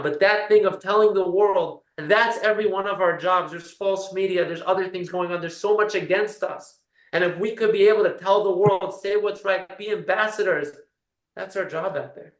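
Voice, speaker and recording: A man's voice: sits high, fairly bright tone. A man speaking as a rabbi, giving an earnest, rousing talk over a video call and telling stories to make his point. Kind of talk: inspirational speech on a video call. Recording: roomy echo.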